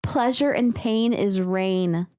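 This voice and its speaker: Excitable, swearing woman podcast host. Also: mid-range voice, slow. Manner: excitable, swears casually, reads aloud. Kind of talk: casual chat.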